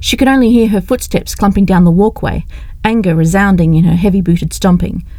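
A woman narrating an audiobook in a brisk, expressive way. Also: mid-range voice, no room sound.

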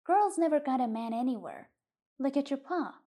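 A woman's voice: sits high, lively intonation, moderate pace, mellow. A woman voicing Joe, an easygoing farmer father who teases the boys, in an audiobook reading. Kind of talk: audiobook reading of a short story.

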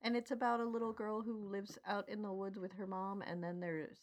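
A woman's voice: mid-range voice, level tone, a little fast. A woman co-hosting a podcast, chatting and rambling through recommendations and wrap-up. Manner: chatty, rambling, easily sidetracked. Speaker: podcast co-host. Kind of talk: casual chat.

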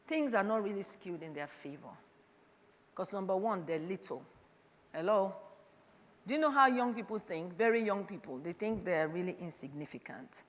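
A woman in her fifties preaching a sermon, calling out to her listeners and swinging between loud urging and quiet reflection. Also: mid-range voice, animated, moderate pace. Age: 50s. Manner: calls out "Hello?" to the congregation, swings from loud to quiet. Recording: long hall reverb.

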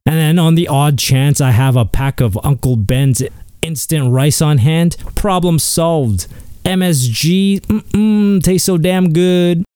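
A man's voice: mid-range voice, dark tone, no room sound, studio quality. A man hosting a solo comedy show, ranting in a sarcastic, profane, mock-outraged way. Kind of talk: comedic rant.

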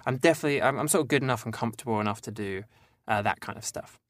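A man's voice: mid-range voice, very fast, no echo. Chatty Southern English man, dry sound. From England. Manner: chatty, hesitant, many restarts and fillers. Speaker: voice actor guest. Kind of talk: casual interview chat.

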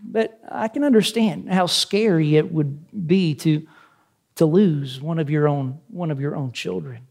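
A man playing a calm young rafting guide. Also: fairly high pitch, measured pace, creaky. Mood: reassuring. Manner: easygoing and reassuring.

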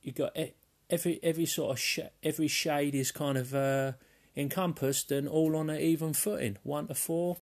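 Gravelly man leaving a chatty voicemail. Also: fairly high pitch, steady tone, normal speed, darkish tone. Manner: easygoing, chatty, hesitant restarts. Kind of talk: casual voicemail message.

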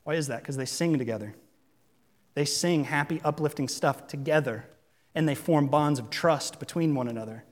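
A man in his thirties delivers an earnest, conversational sermon. His voice sits a little high, and he keeps asking his listeners questions. The room behind him rings with long reverb from a big church hall. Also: moderate pace. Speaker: pastor. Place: church sanctuary.

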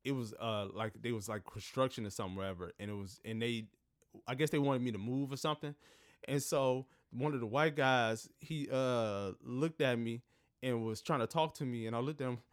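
A man's voice: mid-range voice, normal speed, dry recording, studio quality. A man co-hosting a casual chat, telling stories and laughing at them. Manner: joking, laughs at his own stories.

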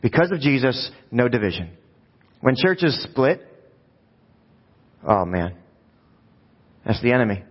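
A man's voice: mid-range voice, sing-song, slow pace, pauses often. A man preaches a sermon in a church sanctuary, talking to the congregation like a conversation and tossing them rhetorical questions. His voice carries a long hall reverb. The recording sounds muffled and dull. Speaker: pastor.

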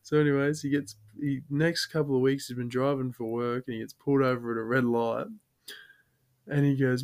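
A man's voice: mid-range voice, steady tone, moderate pace, a little mellow. Australian man spinning a yarn. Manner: laughs often while telling, swears freely. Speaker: podcast host. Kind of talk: casual storytelling.

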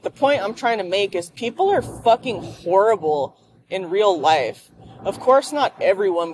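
A woman talks through a loose, profanity-laced rant from behind the wheel of her car, at a middling pitch. She rambles and doubles back on herself. A faint hum of road noise sits under her voice. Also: a little mellow. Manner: profane, ranting. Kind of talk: rambling monologue while driving.

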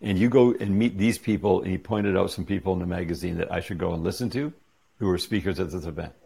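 Man, middle-aged, interview guest, gravelly, husky, animated storytelling. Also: low-pitched, fast. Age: 40s or 50s. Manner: animated retelling with quoted dialogue. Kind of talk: casual storytelling.

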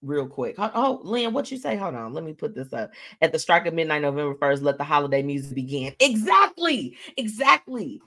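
A woman's voice: low-pitched, brisk, hardly any pauses. A woman hosting a live stream show, chatting casually and animatedly with viewers and reading out their comments. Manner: animated, chatty, laughs often, reads comments aloud.

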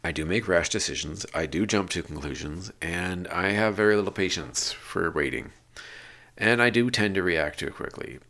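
A man's voice: low voice, moderate pace, vocal fry, pushed and bright. A man hosting a podcast, reading lists from notes and then talking about his own experience with restarts and rambling asides. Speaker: podcast host. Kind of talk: reading notes, then casual personal talk.

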